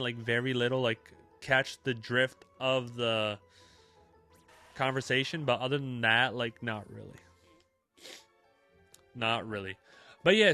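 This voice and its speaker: A young man chats casually with his live-stream audience, relaxed and talkative, using lots of filler words. His voice is medium-pitched.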